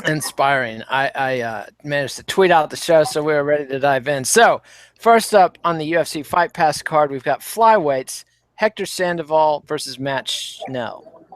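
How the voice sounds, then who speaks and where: A man hosting a fight podcast with a slightly high voice, recorded close and dry with no room sound. He moves briskly through the fight list. His asides are wry. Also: animated, no room sound. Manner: runs the card, brisk and wry. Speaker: podcast host. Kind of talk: casual chat.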